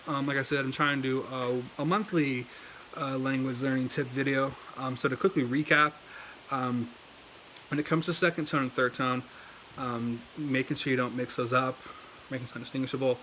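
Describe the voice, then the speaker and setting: A man's voice: medium pitch, fairly even intonation, moderate pace, bright, forceful tone, slight background noise. A man giving a casual language lesson on camera, talking loosely with lots of fillers and restarts. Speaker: language learning video host. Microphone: desk setup, moves around in his chair.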